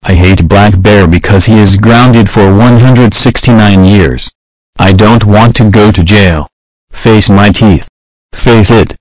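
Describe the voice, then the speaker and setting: A man voicing a hot-tempered male cartoon horse who hurls insults and threats in short, flat sentences. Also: fairly low pitch, slow pace, no echo. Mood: furious.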